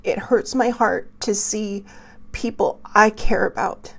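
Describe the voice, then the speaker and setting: A woman hosting her own show, speaking with tearful anger in impassioned personal commentary, moving between soft near-whispers and raised outbursts. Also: mid-range voice, steady tone, takes it slowly, vocal fry. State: tearful, angry. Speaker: show host.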